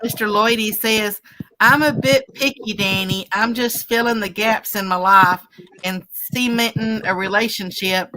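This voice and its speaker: A woman co-hosting a live stream chats casually, reading viewers' comments and greeting them by name. Her mid-range voice has fairly even intonation, a sharp tone and a measured pace, with a little hiss or hum in the recording.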